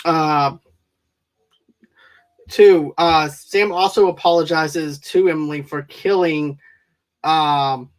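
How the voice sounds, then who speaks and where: A man's voice: on the high side, fairly even intonation, takes it slowly, pauses often. Enthusiastic man recapping a film. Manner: rambling, enthusiastic plot recap with frequent fillers. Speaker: movie reviewer co-host. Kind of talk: casual podcast film review.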